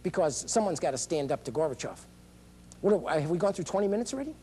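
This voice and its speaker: A man's voice: fairly high pitch, lively intonation, fast talker, dark tone, a little hiss or hum. A middle-aged man giving a rambling, theatrical speech as a political candidate, dropping into phrases of other languages. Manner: rambling, theatrical, jumps between topics; breaks into foreign phrases. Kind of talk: public-access TV speech.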